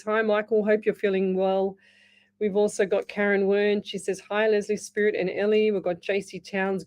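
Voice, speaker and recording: A woman's voice: on the low side, darkish tone. A woman hosting a live radio show, giving psychic readings in a reassuring, repetitive way with many restarts. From Australia. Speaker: psychic medium radio host.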